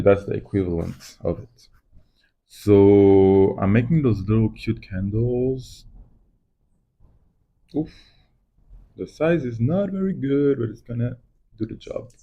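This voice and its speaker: A man's voice: on the low side, warm tone, highs cut off. A man rambling reflectively in a casual to-camera vlog while doing crafts at home. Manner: rambling, reflective, self-mocking. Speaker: vlogger.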